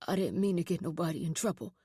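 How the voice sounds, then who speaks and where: A woman voicing a teenage boy in a reformatory, a smooth talker who pleads in a low, quiet voice. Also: animated, fast, dry recording, studio quality. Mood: begging. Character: persuasive teenage boy inmate, quick and pleading.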